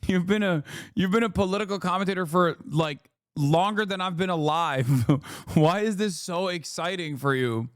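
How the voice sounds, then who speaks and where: Sarcastic man with a smooth voice. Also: high-pitched, moderate pace, no echo, clean studio sound. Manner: sarcastic, profane, mocking. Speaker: streamer and political commentator. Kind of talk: casual live-stream commentary.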